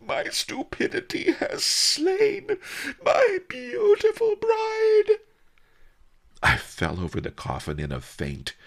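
A man giving an expressive first-person audiobook narration. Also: rumbling low, vocal fry, slightly rough.

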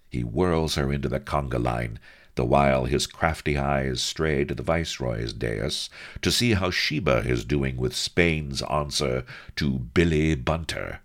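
A man's voice: very deep voice, creaky, a bit bright. A man narrating a comic adventure story with a wry, mock-grandiose delivery. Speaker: audiobook narrator.

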